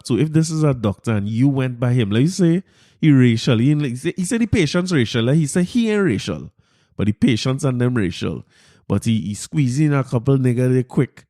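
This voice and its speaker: Incredulous Trinidadian man, mellow voice. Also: medium pitch, dry recording, studio quality. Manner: animated, incredulous, repeats words often. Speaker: podcast host. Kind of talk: casual commentary monologue.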